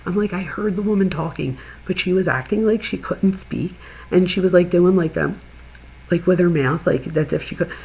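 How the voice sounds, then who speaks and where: A middle-aged woman and channel host, chatting casually with viewers and telling an animated story, laughing as she goes. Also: fairly low pitch, normal speed, low-quality recording. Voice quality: gravelly, husky. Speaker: true crime channel host.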